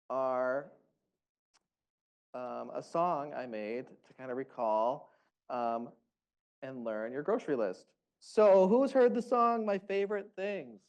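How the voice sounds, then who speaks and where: A man's voice: on the high side, a little mellow, clean tone. A man leading a group music workshop, giving encouraging, upbeat instructions.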